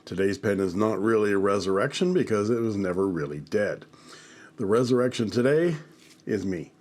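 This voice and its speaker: A man with a congested, nasal voice hosting a calm, detailed pen review. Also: on the low side, normal speed. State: nasal from illness. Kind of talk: scripted product review narration.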